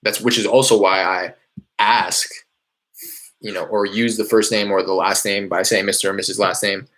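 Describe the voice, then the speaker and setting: A man casually explaining how he makes cold calls, in a loose, rambling way with many fillers, from a small warm room. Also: lowish voice, steady tone, normal speed. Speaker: real estate wholesaler teaching cold calling. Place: small hot indoor room.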